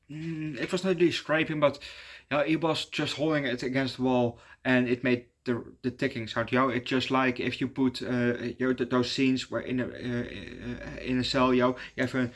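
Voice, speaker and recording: A man giving a casual, rambling movie review, circling back with lots of fillers and restarts. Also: medium pitch.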